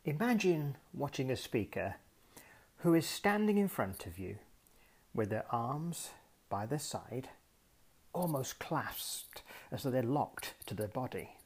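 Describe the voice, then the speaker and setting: Male presenter with a gravelly, husky voice and a lively pitch; measured, explanatory teaching style. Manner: explanatory, measured, asks and answers own questions. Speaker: host. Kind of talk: instructional talk on public speaking.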